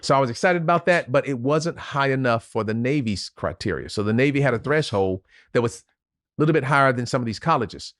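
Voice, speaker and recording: As a podcast guest, a retired Navy officer from Louisiana relives a personal story with emotion, earnestness, and vivid detail broken by pauses. His mid-range voice is animated and a bit bright, recorded cleanly in a studio with no room sound.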